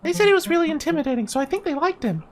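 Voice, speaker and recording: A woman voicing an eager, chatty six-year-old girl in a game, speaking in a bubbly, excited way. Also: high-pitched, rapid-fire, pitched above the performer's own voice. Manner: excited, bubbly, broken grammar when reading. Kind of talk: voice-acting a game.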